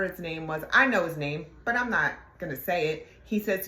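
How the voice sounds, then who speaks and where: A middle-aged woman, a former police detective, telling a workplace story in a halting way, with many fillers and asides. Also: on the low side, animated, bright, forceful tone. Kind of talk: casual storytelling. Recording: echoey room.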